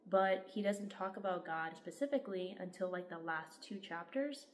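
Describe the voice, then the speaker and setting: Young woman, lowish voice, earnest and gushing, casual book vlog, faint hiss behind. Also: expressive, normal speed. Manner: enthusiastic, heartfelt, lots of "like". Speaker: book vlogger.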